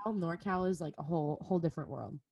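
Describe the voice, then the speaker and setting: Mellow young woman, low-key. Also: vocal fry, slightly rough, no echo. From California. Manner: says "like" constantly, drawn-out filler-heavy talk. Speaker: podcast host. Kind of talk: casual chat.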